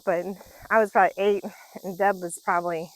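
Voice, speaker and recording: A woman's voice: mid-range voice, fairly even intonation, fairly quick, rough recording. A woman in her forties telling casual stories while out on a walk, chatty and laughing often. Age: 40s. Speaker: vlogger. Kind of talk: casual storytelling. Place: outdoors on a nature walk.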